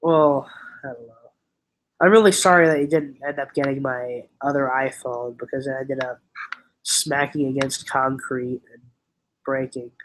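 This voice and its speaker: A man's voice: mid-range voice, steady tone, moderate pace, a little hiss or hum, poor audio. A young man with a clogged nose, chatting casually on a stream and joking in a rambling way. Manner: rambling, joking, laughs at own stories. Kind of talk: casual chat.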